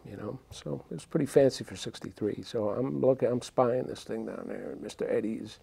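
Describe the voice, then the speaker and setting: A man's voice: mid-range voice, a little fast, vocal fry, mellow, husky, dry recording. A man, a talk-show guest animatedly telling a childhood story and acting out the voices. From New York City. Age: 60s.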